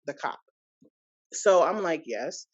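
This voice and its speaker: A woman's voice: medium pitch, a little fast, muffled recording. Woman in her thirties telling her story. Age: 30s. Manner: animated, indignant retelling with many asides. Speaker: podcast guest. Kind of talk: personal storytelling.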